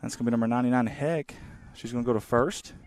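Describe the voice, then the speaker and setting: A man in his thirties giving casual, rambling live play-by-play of a softball game from the field outdoors. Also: mid-range voice, quick pace, dry recording. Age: 30s. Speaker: sports webcaster.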